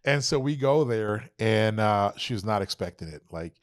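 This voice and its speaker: A man in his thirties telling hunting stories on a podcast, animated and profane, acting out what people said. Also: on the low side, normal speed, no room sound, studio quality. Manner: animated, profane, acts out quotes. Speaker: podcast guest. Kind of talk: casual storytelling.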